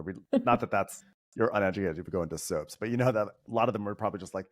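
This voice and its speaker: A man with a fairly low voice that swings widely up and down as he talks. He chats casually and animatedly as a podcast guest, breaking into quick impressions of other people and laughing often. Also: lively intonation. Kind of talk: casual chat.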